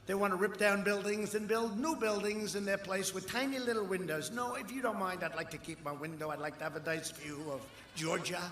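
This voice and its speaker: Older man shouting a rally speech. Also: high-pitched, fairly even intonation, fairly quick, hardly any pauses, slight background noise. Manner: boastful, rambling, with frequent shouted asides. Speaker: political candidate at a rally. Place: large outdoor rally crowd. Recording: echoey live rally sound with long reverb.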